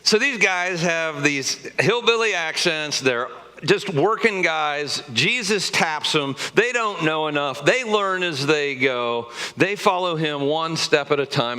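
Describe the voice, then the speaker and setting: A man's voice: fairly high pitch, pushed and bright, smooth. A man preaching a sermon as pastor of a church, in a conversational and joking way, with emphatic rises.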